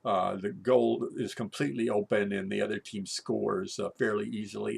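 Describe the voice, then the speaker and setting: Gravelly man telling a rambling story. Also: fairly low pitch, normal speed, few pauses. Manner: rambling, animated, with many restarts and fillers. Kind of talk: live comic storytelling monologue.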